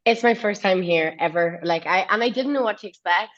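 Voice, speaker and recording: A woman's voice: mid-range voice, a little fast, a bit bright. Bubbly Irish woman, dull audio. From Ireland. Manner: bubbly, chatty, laughs often. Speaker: guest singer. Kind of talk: casual interview chat.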